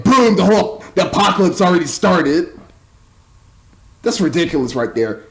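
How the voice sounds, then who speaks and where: A man's voice: high voice, expressive, normal speed, slight background noise, rough recording. A young man giving a rambling, exasperated movie review, stumbling and repeating words as he talks. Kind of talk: casual spoken movie review.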